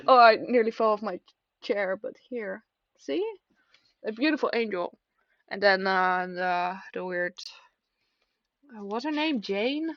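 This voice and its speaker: A woman's voice: medium pitch, expressive, slow, long pauses, a bit bright, dry recording. A young woman talks casually to the camera from her desk at home, rambling and self-deprecating, often stopping and restarting. The sound is dry and slightly dull, like a basic home setup. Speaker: vlogger. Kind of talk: casual confessional chat.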